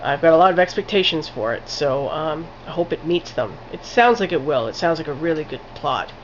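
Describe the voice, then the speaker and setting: A woman's voice: low voice, expressive, fairly quick, slight background noise. Woman film reviewer, casual vlog delivery, rambling and profane, muffled lo-fi recording. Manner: rambling, many "like" fillers, casual swearing.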